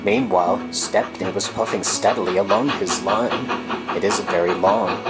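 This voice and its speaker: A woman narrating a children's cartoon story in a fan redub, steady storytelling. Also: rumbling low, normal speed, loud music behind the voice, poor audio.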